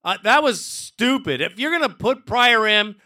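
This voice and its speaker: A man's voice: very high voice, expressive, normal speed, pushed and bright. A man hosting a sports call-in show, talking bluntly and with profanity. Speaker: host.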